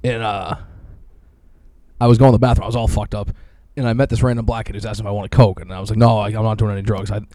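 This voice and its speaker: A man's voice: lowish voice, little pitch movement, fast talker, warm tone, no echo, clean studio sound. A young man, telling stories loosely and profanely as a podcast co-host. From Boston. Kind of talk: casual chat.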